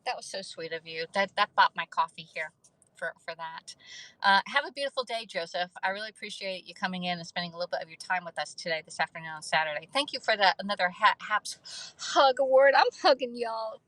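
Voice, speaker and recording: Middle-aged woman livestream host, low-ish voice, chatty and laughing, thanks viewers by name. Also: fast talker, sharp tone, dry recording, low-quality recording. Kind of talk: casual livestream chat.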